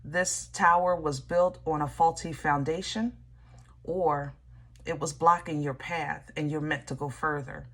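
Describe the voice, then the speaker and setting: A woman reading tarot cards for viewers, talking in a slow, soft, preachy way. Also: low-pitched, steady tone. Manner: emotional, exclaiming, with laughter and repeats. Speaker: tarot reader.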